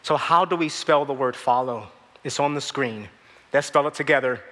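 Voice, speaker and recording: A man preaching a sermon to his church, passionate and swinging between loud outbursts and hushed moments. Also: mid-range voice, moderate pace, big-room sound. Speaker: pastor. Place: church hall.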